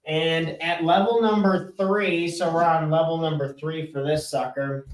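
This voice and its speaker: A man's voice: on the high side, steady tone, a little slow. A male life coach talking casually and emphatically about listening, often letting his tone drop at the end of a point. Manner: casual, emphatic, drops tone at sentence ends. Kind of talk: solo podcast talk. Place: room with chalkboard. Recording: echoey room.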